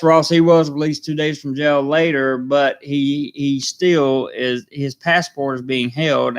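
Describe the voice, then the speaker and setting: A man with a Southern American accent and a mid-range, creaky, fairly bright voice hosts a live stream as a vlogger. He chats casually, reads viewer comments, and rambles with many fillers.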